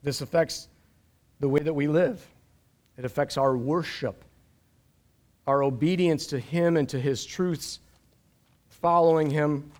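Animated high-voiced male pastor preaching. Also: unhurried, long pauses. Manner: animated, jokey asides, repeats words. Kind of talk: live-streamed sermon. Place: church stage.

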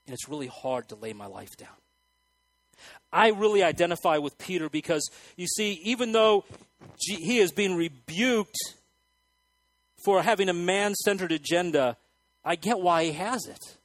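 A man preaching a sermon to a church congregation, moving between quiet, earnest asides and loud, excited outbursts. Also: sits high, moderate pace, no room sound, rough recording. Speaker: pastor.

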